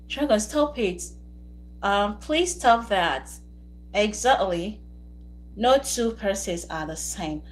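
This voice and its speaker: A woman's voice: medium pitch, a little hiss or hum, poor audio. Woman live-streaming casual chat. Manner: animated, teasing chat, laughs often.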